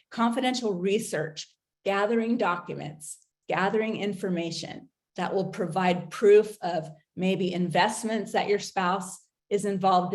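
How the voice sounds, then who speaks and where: Earnest woman giving measured advice. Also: mid-range voice, darkish tone. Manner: earnest and measured, many pauses and "um" fillers. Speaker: host giving recovery advice. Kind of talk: casual advice talk.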